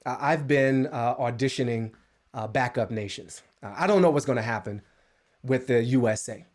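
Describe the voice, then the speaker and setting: Man, comedic monologue, sarcastic, animated, pitch jumps, video call. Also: normal speed. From United States. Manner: animated, sarcastic, lively jokes with sudden high pitch jumps. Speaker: guest speaker, comedian.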